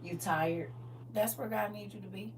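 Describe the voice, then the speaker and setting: A woman's voice: mid-range voice, normal speed. A woman preaching a livestreamed sermon, fervent and exhorting in a colloquial style. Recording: distant mic with faint noise.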